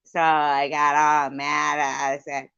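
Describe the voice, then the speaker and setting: A woman's voice: low-pitched, completely flat delivery, takes it slowly, vocal fry, fairly bright tone, smooth, no echo, muffled recording. A woman hosting a livestream, telling a rambling casual story, swearing freely and breaking off to thank viewers. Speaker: livestream host.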